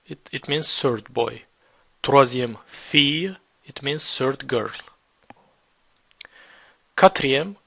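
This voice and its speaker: A man teaching a beginner French lesson, repeating words slowly and spelling them out letter by letter. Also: medium pitch, gravelly, fairly bright tone. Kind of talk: slow beginner language lesson.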